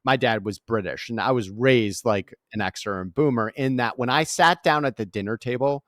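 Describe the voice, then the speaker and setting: An author and speaker in his forties, guesting on an interview, relates his stories with lots of energy and a habit of asking "right?". His mid-range voice moves at a moderate pace, recorded in a clean studio with no room sound.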